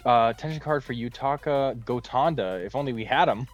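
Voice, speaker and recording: A man's voice: mid-range voice, normal speed, dull audio, faint music behind. A man giving casual, frank let's-play commentary on a video game. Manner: frank, offhand. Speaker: gaming video host.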